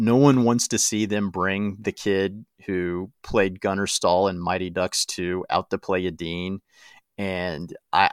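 A man with a very low voice chats casually on a sports podcast, playful and speculative. The sound is dry and close, with no room around it. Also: dry recording. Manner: playful, speculative, quick to laugh. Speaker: podcast co-host. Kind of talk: casual chat.

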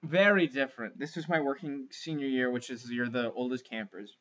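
In a brisk, medium-pitched, fairly bright voice with the highs cut off, a young male podcast co-host rambles through crude camp stories. The casual comedic chat is full of filler words.

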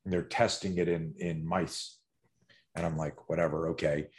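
A man with a fairly low voice talks like the fight coach he is, in a loose, conversational flow. He tells stories with energy, drops the odd curse word and often starts his sentences over. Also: unhurried. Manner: animated storyteller, swears, frequent restarts. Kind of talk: casual podcast conversation.

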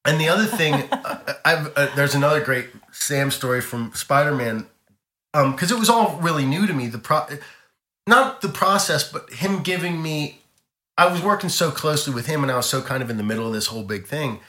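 A man talks through a long anecdote with eager, tumbling sentences and frequent restarts. His voice is bright and forceful. There is clear room echo around him. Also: on the high side, lively intonation, fairly quick. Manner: rambling, self-correcting, enthusiastic storyteller. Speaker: interview guest, artist. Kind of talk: animated anecdote telling.

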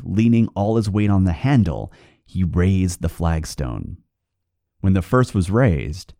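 A man reading a spooky folk tale aloud for his podcast, in a very deep, dark voice. His delivery is animated, rising and falling expressively. The recording is close and dry. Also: dry recording. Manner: expressive storytelling. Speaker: podcast host and storyteller.

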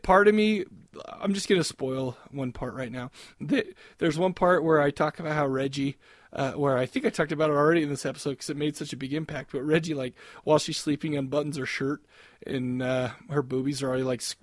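A man's voice: fairly high pitch, fairly even intonation, a little fast, no room sound, clean studio sound. A man co-hosting a podcast in casual chat, rambling with crude jokes and frequent laughter. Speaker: podcast co-host.

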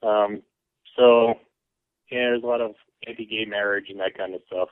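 A man's voice: fairly low pitch, steady tone, moderate pace, no echo. A man from Alaska, a guest on a podcast, chatting in an easygoing, hesitant way with many ums. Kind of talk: casual conversation. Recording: phone-line call audio.

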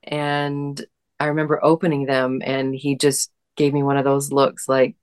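A married woman talks in a relaxed conversation. Her voice sits low and she speaks at a slow, careful pace. Her manner is earnest and gentle. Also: smooth. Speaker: guest in a conversation. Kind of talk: casual reflective chat.

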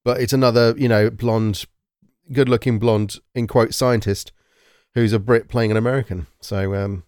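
A man talking through a film in a casual, rambling way, pausing often with ums. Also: mid-range voice, fairly even intonation, a little mellow, clear, resonant tone, dry recording, studio quality. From Britain. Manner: rambling, hesitant with many ums. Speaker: podcast co-host.

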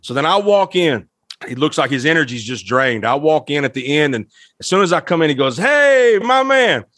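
Male guest storyteller, lively pitch swings, dry close sound, emotional and laughing. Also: a little fast, no echo. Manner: animated, emotional, laughs often. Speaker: guest, musician. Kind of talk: storytelling anecdote.

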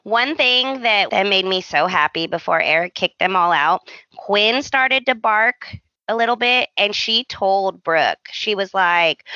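A woman co-hosts a podcast, telling events in wry, casual chat. Her voice is bright and crisp, and her pace is leisurely. The recording is dry and slightly dull. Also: mid-range voice, animated, unhurried, no echo. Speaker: podcast co-host. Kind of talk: casual chat recapping a soap opera.

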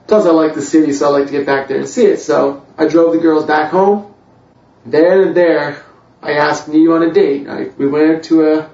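A Canadian man who works as a church worship director shares his personal faith testimony in a church hall, with self-deprecating humor and lots of fillers. His voice is a little high and darkish. The dull mic sounds distant in an echoey room.

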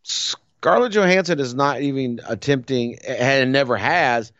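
A man talks movies in a lively, joking way, often dropping into quick mock voices. His voice sits mid-range. The recording is dry and a little dull. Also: medium pitch, no echo. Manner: animated, slips into mock voices and laughs. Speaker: podcast co-host. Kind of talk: casual chat. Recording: dry, slightly dull audio.

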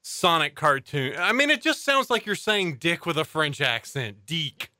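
Young male host, enthusiastic, crisp bright tone, dry close sound. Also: fairly high pitch, sing-song, normal speed, dry recording. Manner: enthusiastic, reads out facts. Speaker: podcast host. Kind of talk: casual chat.

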